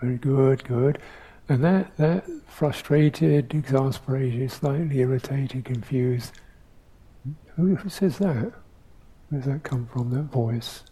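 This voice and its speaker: Older male meditation teacher; reflective dharma talk, dark and mellow tone, slow delivery. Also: mid-range voice, husky, rough recording. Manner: slow, reflective, with pauses and soft hums.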